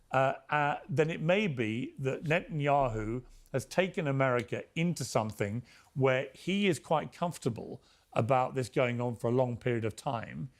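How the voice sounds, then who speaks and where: A man giving a measured political analysis on a talk show, hypothesizing carefully about outcomes. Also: medium pitch. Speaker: political commentator.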